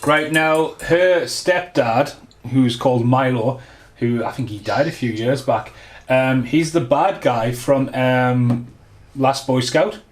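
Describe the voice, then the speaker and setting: A man joining a casual film commentary podcast, offering bits of film trivia in a relaxed way. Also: mid-range voice, slow.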